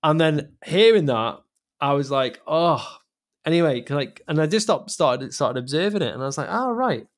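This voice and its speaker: A man's voice: on the high side, lively intonation, a little fast. Rambling, candid man. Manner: rambling, emotional, swears casually. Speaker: podcast co-host. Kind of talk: casual chat.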